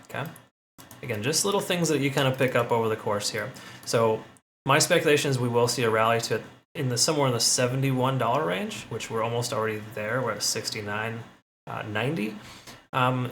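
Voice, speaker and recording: A man talks quickly through trading charts in a casual, chatty way, hedging his calls and tagging on "okay?" to keep his viewers with him. His voice sits at an ordinary middle pitch, with a faint hum of room ambience behind it. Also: fairly bright tone. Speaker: crypto analysis channel host. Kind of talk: casual chart analysis talk.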